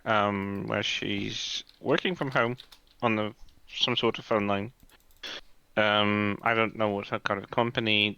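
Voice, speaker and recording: A man in casual chat, telling rambling, animated stories about customer service. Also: fairly low pitch, creaky, clean tone, dull audio.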